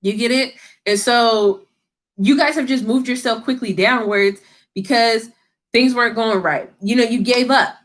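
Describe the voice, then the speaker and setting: A woman's voice: a little high, unhurried. A woman giving a casual tarot reading to camera, talking in a blunt, slangy, scolding way and swearing freely. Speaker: tarot reader.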